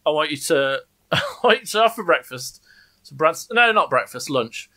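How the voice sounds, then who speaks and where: A man's voice: on the high side, animated, normal speed, bright, forceful tone. A man co-hosting a casual podcast who teases his partner and laughs often. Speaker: podcast co-host.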